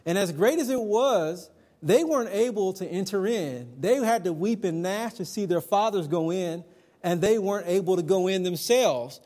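A man's voice: sits high, lively intonation, normal speed, darkish tone. A middle-aged man preaching a sermon to young people, chatty and emphatic, telling personal stories. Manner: conversational, personal anecdotes, emphatic.

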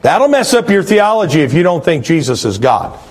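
A middle-aged man preaching a sermon, with animated rising and falling emphasis. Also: fairly high pitch, moderate pace, husky. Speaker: pastor.

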